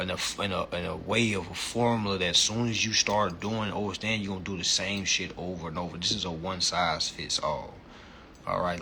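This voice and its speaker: A young man livestreams his class on a phone mic, his deep, creaky yet bright voice forceful over slight background noise. He teaches in a casual, profane rant, emphatic and repetitive, constantly checking in with "all right?"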